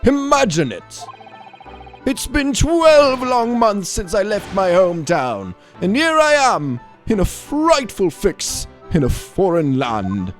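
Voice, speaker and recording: A man's voice: high-pitched, wildly swooping pitch, takes it slowly, faint music behind, voice pushed up, full character voice. A man voicing an eccentric, melodramatic young male foreign student held as a prisoner, speaking in grand theatrical flourishes. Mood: grandiose.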